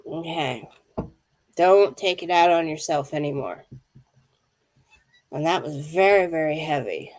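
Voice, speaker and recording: A woman's voice: deep voice, expressive, a little slow, long pauses, background noise. A wheezy woman in her fifties giving a live card reading, speaking intuitively to viewers by name. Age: 50s. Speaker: tarot card reader.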